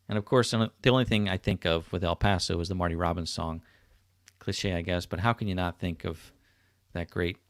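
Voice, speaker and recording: Casting: middle-aged man, livestream host, low gravelly voice, dry close sound, relaxed and chatty. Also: no room sound. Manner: chatty, reads out viewer comments. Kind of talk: casual livestream chat. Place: home, indoors. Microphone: webcam setup.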